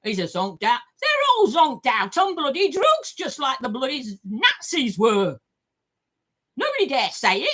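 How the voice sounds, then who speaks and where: An older woman talks straight to camera, her voice pitched high and swooping all over the place. She rambles on with force, swears freely and circles back over her own words. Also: wildly swooping pitch, moderate pace, fairly bright tone. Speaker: vlogger.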